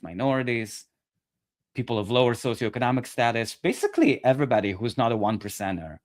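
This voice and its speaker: A man ranting in a political commentary video, profane, sarcastic and mocking. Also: mid-range voice.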